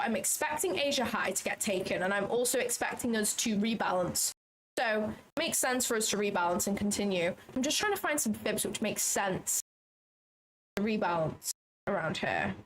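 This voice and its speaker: A young woman with a slightly raised pitch talks in a chatty, frank and self-mocking way. She sounds like a casual livestream host explaining her own trading setups. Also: a little hiss or hum, rough recording. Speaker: day trader streaming live.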